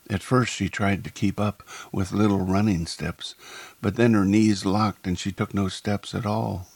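A man narrating a first-person story in a measured, descriptive way. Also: low-pitched, darkish tone, slightly rough, dry recording.

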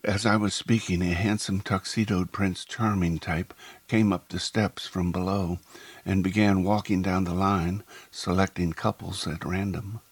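A man narrating a first-person story in a measured, descriptive way. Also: low-pitched, little pitch movement, slightly rough, dry recording.

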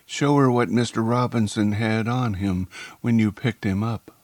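A man voicing a calculating male crime boss who speaks in a measured, coolly polite way. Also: lowish voice, fairly even intonation, a little mellow, no room sound, pitched above the performer's own voice, close to an everyday voice.

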